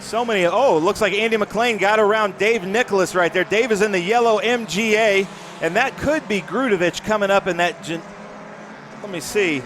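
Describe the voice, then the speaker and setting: Male race commentator, high-pitched, chatty and enthusiastic, with loud trackside car noise behind. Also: normal speed. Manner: enthusiastic, chatty, admires the cars. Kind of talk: live motorsport commentary. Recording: noisy trackside with engine sound.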